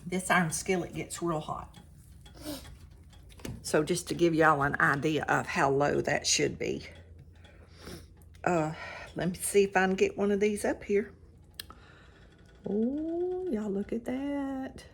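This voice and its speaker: A woman's voice: lowish voice, slow, vocal fry, long pauses, a little hiss or hum. An older woman, chatting directly to viewers while cooking and tasting food in her home kitchen. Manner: chatty, talks straight to viewers, eats on camera. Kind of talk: casual cooking vlog.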